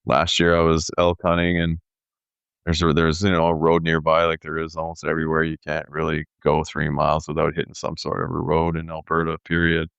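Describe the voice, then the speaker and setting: A man in his thirties telling a story in casual podcast chat, animated and peppered with "dude" and "like". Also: very deep voice, a little fast, gravelly, clean tone, no echo, lo-fi sound. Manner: animated storyteller, says "dude" and "like", acts out quoted voices. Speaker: podcast co-host.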